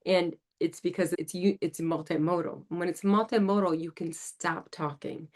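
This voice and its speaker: A woman's voice: fairly low pitch, fairly even intonation, moderate pace, a little mellow. Upbeat woman teaching therapy techniques. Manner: explanatory, upbeat, addresses listeners directly. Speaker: speech-language pathologist and podcast host. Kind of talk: instructional podcast teaching.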